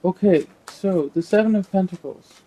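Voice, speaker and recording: A man giving a casual tarot reading, thinking aloud in a halting, rambling way with many repeated words. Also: sits high, mellow, low-quality recording. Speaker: tarot reader.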